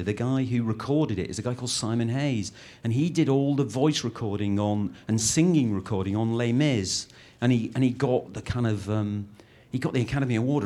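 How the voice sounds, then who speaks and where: Chatty British film director, rambling. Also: male voice, medium pitch. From Britain. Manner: rambling, lively, frequent restarts. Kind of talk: interview answers.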